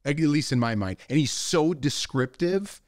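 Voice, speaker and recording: A man in his forties, co-hosting a podcast in relaxed, rambling casual chat with lots of fillers. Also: fairly high pitch, moderate pace, no room sound, clean studio sound. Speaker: podcast co-host.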